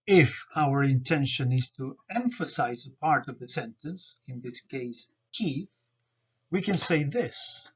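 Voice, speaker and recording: A man presenting a grammar lesson over slides, explaining in a careful, measured way. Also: mid-range voice, animated, husky. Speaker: student presenter. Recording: dull lo-fi recording.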